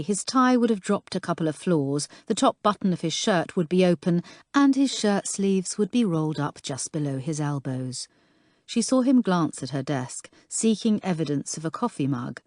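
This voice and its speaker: Low-voiced woman reading a thriller. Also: darkish tone, no room sound, clean studio sound. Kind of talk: scripted audiobook narration.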